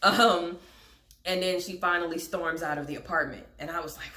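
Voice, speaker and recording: A woman's voice: fairly low pitch, steady tone, moderate pace, sharp tone. A young woman in a casual storytime vlog, candid and chatty, with frank swearing and wry laughs. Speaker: vlogger telling a personal story. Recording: echoey room.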